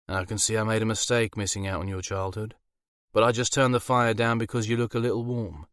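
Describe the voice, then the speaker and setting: Sly incubus demon dad, voiced by a man, teasing, indulgent, low voice, dry sound. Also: little pitch movement, fairly quick, fairly bright tone, smooth, dry recording, natural voice. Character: smug charming male incubus demon father.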